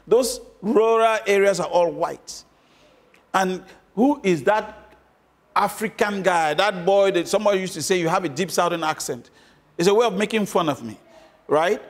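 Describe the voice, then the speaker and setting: Middle-aged man from Cameroon, high-pitched, emphatic interview guest who hammers points with rhetorical questions. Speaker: political guest. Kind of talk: interview answers.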